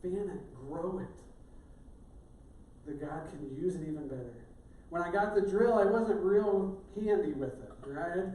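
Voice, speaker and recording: A high-pitched, mellow voice belongs to a middle-aged pastor who speaks a little slowly, preaching in a lighthearted, conversational way. The church sanctuary echoes around him, picked up by a distant mic.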